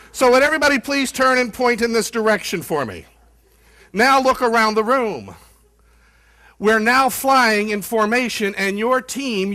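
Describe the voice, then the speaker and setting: Upbeat keynote guy, high bright voice, fast and punchy, keeps asking the crowd stuff. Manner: energetic, fast, quizzes the audience. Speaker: keynote speaker. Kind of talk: motivational keynote talk. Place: conference room with audience.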